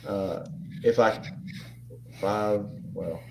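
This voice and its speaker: A man's voice: on the low side, steady tone, drawn-out words, noisy background. A man playing a tabletop game, thinking aloud and asking questions as he plans his moves. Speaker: player. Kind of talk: casual tabletop game chat.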